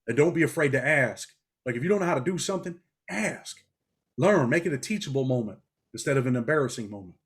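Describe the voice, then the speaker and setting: A man's voice: medium pitch, fast, breathy edge. A middle-aged man from New York, a former prisoner talking bluntly in a casual interview. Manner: blunt, street-talking, animated storytelling.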